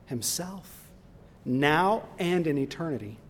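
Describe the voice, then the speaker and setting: Slow, earnest preacher in an echoing hall. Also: male voice, on the high side, expressive. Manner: earnest and emphatic, building to impassioned lists. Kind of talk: sermon. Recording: long reverb in a large hall.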